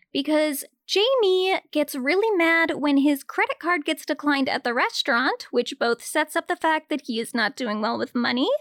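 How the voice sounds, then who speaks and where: A woman's voice: sits high, fairly bright tone, no echo, clean studio sound. A young woman giving casual commentary on a film, blunt and sarcastic, with casual swearing.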